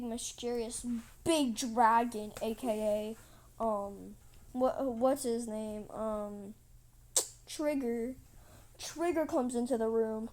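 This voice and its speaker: A woman's voice: a little high, a little mellow, a little hiss or hum, poor audio. A woman telling a made-up story casually while drawing, rambling with many restarts.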